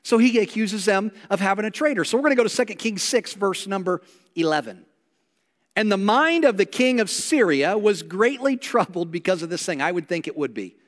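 A man preaching a sermon as a pastor, telling a Bible story with animated delivery and acting out the lines of its characters. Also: high voice, a little fast. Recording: long reverb of a large hall.

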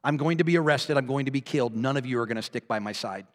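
A man's voice: medium pitch, fast talker, big-room sound, lightly acted. A male preacher voicing a grave teacher warning his followers, in a sermon retelling. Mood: solemn. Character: solemn teacher foretelling betrayal, adult man.

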